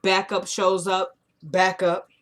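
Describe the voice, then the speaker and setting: A woman's voice: lowish voice, level tone, slow pace, a bit bright. A woman casually recapping a TV drama episode, retelling the scenes in quoted dialogue and adding her own blunt opinions.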